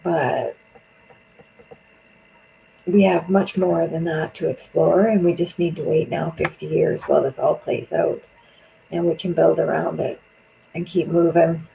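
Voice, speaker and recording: A furious streamer rants, full of curses. The voice is gravelly with vocal fry and a dark, mellow tone. It is a political monologue spoken straight into the stream. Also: medium pitch, flat delivery, unhurried, pauses often, slight background noise, rough recording. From Canada. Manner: angry, profane, venting.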